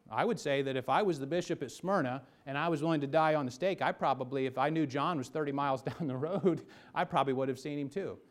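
A pastor preaches a sermon, his voice swelling into emphatic bursts before sinking low again. As he builds toward a point, he often restarts his words.

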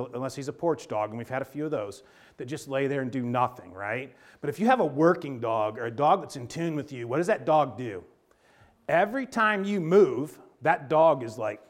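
A man preaching a sermon in a folksy, animated way, moving between loud emphatic bursts and quiet low asides. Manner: animated, folksy storytelling with sports analogies. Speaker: pastor.

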